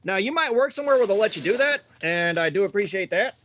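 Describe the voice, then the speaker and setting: A man's voice: high voice, expressive, fairly bright tone, slight background noise. A man hosting a casual livestream, joking and rambling as he answers viewer comments. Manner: joking, rambling, quick asides. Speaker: livestream host. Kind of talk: casual live chat reading comments.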